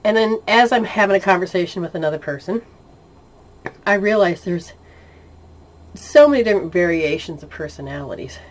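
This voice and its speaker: A woman casually telling a personal spiritual story, animated, often laughing and acting out the dialogue. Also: on the low side, moderate pace, long pauses. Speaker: spiritual intuitive sharing experiences.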